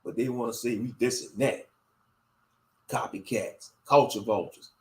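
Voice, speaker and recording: A man's voice: mid-range voice, fairly even intonation, measured pace, a little mellow. A man delivering a blunt, heated commentary rant as a YouTube commentator. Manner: blunt, heated, repeats catchphrases. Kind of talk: ranting commentary.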